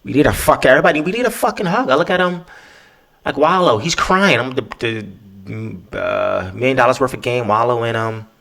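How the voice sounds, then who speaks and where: A man's voice: mid-range voice, normal speed, creaky, a bit bright. A man hosting a podcast, talking alone in a loose, profane, emphatic way and often tagging his points with "right?". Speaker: podcast host. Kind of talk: casual monologue.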